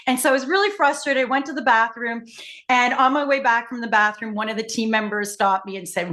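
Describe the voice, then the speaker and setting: A woman's voice: a little high, brisk. A middle-aged woman, a facilitator and coach, telling stories in a casual conversation and acting out the dialogue. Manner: animated, acts out dialogue in her stories.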